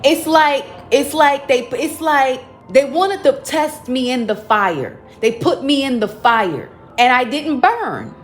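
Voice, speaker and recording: A woman giving a spiritual card reading to viewers, dramatic, with loud exclamations and emphatic repetition. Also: high-pitched, expressive, slow pace, hardly any pauses. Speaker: psychic card reader. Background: faint background music.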